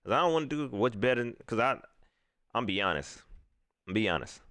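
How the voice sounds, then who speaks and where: Male stream host, animated and playful, dry close sound. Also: mid-range voice, brisk, smooth, no room sound. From South Carolina. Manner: loose and laughing, with playful mock voices and repetitions. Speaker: host of a live sports talk stream. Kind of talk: casual live-stream chat, reading viewer comments.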